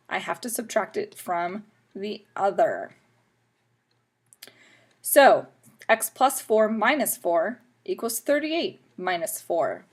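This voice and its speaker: A woman math teacher explaining equations step by step in a patient, instructive way. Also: medium pitch. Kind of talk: classroom math lesson video.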